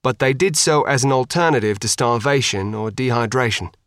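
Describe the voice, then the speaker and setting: A man's voice: medium pitch, a bit bright, no room sound, studio quality, lightly acted. A man reading a grave formal commander. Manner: measured, formal.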